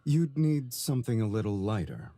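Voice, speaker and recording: A woman voicing a suave, teasing man in a low, unhurried husky voice while reading a game's lines. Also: very animated, warm tone, soft background music, full character voice.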